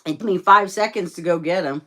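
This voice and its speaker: A woman hosting a casual livestream from home, chatting in a rambling, easygoing way and cooing at her dogs in a high baby-talk voice. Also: a little fast, sharp tone. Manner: chatty and rambling, with fillers and laughs. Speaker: livestream host. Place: at home indoors.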